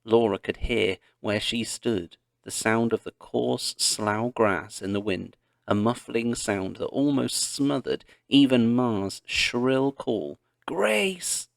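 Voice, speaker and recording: A man narrating a children's historical story in a deliberate read-along style. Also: lowish voice, creaky, no room sound, studio quality. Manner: slow, deliberate reading.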